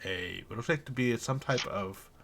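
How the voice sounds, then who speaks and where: A man's voice: mid-range voice, moderate pace, vocal fry, a bit bright, slight background noise. A man narrating a tabletop game as game master, loose and searching, with many fillers.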